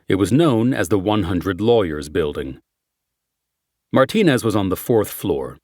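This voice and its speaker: A man reads a crime thriller audiobook in a measured, steady manner. His voice sits low. The recording is close and dry, with no room sound. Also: no echo. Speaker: audiobook narrator. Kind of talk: scripted narration.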